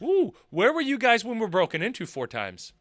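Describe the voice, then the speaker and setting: A man's voice: high-pitched, wildly swooping pitch, a little fast. A man giving sarcastic, laughing commentary on a video he is reacting to.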